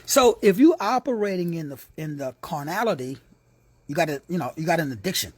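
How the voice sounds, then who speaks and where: Un predicatore texano dalla voce alta e molto mobile, un po' roca, che insegna con tono giocoso e gergale. Spesso abbassa la voce fino a un sussurro per i commenti a parte. La registrazione è secca, senza riverbero. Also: male voice, on the high side, expressive, a little fast, slightly rough, no echo. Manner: playful and slangy, dropping into hushed whispers for asides. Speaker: preacher and teacher. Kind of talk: informal sermon teaching.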